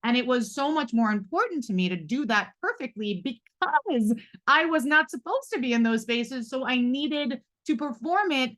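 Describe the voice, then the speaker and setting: A woman's voice: high voice, fairly bright tone. Reflective woman in her forties moderating. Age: 40s. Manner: reflective, many fillers and hedging asides. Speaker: moderator of a live roundtable. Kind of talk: live panel discussion.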